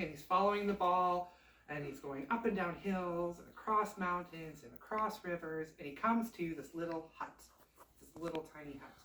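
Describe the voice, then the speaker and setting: Chatty woman telling a folk tale. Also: fairly low pitch. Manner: chatty, animated, laughs often. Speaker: storyteller. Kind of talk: casual oral storytelling. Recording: roomy, distant mic.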